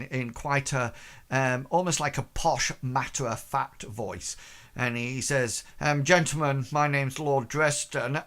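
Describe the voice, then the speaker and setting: Male game master for a streamed tabletop game, mid-pitched, halting narration full of ums. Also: a bit bright.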